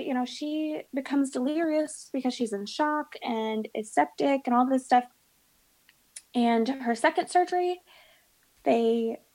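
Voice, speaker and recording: A woman's voice: fairly high pitch, a little mellow, rough recording. Blunt, darkly funny woman guest. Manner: blunt, darkly humorous, acts out quoted voices. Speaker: interview guest. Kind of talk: candid personal storytelling.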